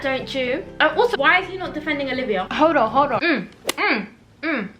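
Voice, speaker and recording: A young woman chatting casually in a reading vlog, outspoken and animated as she reacts. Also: sits high, brisk. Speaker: book vlogger. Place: home room. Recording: roomy echo, faint background music.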